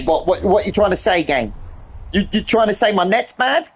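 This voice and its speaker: High, lively man ranting. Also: moderate pace, husky. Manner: exasperated ranting, heavy swearing. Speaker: streamer. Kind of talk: livestream gaming commentary.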